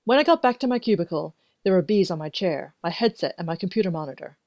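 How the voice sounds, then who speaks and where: A woman narrating a first-person story in an even, measured way. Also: on the low side, dry recording. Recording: dry, dull lo-fi recording.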